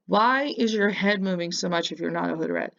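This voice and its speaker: A woman's voice: fairly low pitch, lively intonation, brisk, a bit bright. Scolding woman, dull lo-fi audio. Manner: mocking, scolding, lecturing. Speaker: reaction commentator. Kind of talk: casual reaction commentary.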